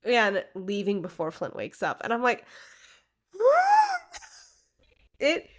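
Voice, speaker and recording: A woman co-hosting a casual podcast, gushing and excitable as she retells a story. Her voice sits at a medium pitch, and she swears and fills her talk with fillers. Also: moderate pace. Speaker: podcast co-host. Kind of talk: casual chat.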